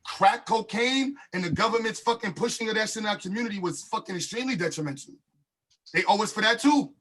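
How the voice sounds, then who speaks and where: High, bright, husky-voiced man arguing. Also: fast. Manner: emphatic, talks over others, rises to shouting. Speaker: podcast co-host. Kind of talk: heated casual debate.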